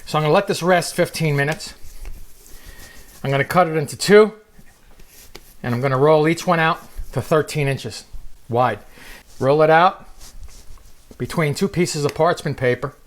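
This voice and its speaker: A man's voice: medium pitch, slight background noise. A man hosting a casual cooking demonstration in a kitchen, joking and chatting to the viewer. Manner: jokey, chatty, talks to the viewer. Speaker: cooking show host. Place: home kitchen.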